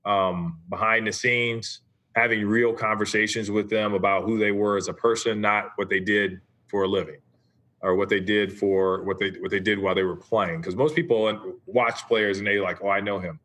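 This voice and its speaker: Guest, man in his 40s: low-ish, bright and punchy, easygoing storyteller. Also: fairly even intonation, normal speed. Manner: easygoing, tags points with "right?". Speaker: podcast guest, former basketball player. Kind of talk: casual interview storytelling.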